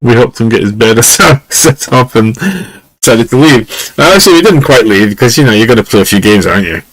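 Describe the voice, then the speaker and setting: A man's voice: medium pitch, lively intonation, fairly quick, no echo, low-quality recording. A Scottish man hosting a podcast, telling stories in a rambling, chuckling way with lots of fillers, at home on a lesser mic. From Scotland. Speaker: podcast host. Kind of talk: casual storytelling. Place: home room.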